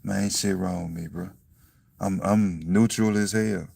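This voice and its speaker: A young man musing on faith in a casual, blunt, profane monologue, breaking into loud laughs and saying "you see what I'm saying" again and again. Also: low voice, steady tone, a little slow, gravelly, breathy edge. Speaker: self-styled preacher vlogger. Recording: dry, from a distance to the mic.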